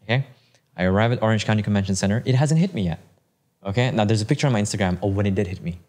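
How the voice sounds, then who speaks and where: A man in his thirties, appearing as a guest on a podcast, tells a long personal story in casual conversation. His voice is on the low side and rapid-fire, and he's animated, imitating the voices of the people he quotes.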